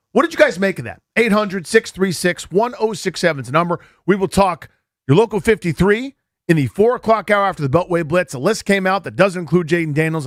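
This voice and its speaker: Excitable male sports radio host with a high, bouncing voice, talks quickly. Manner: animated, rapid, takes calls. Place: radio studio.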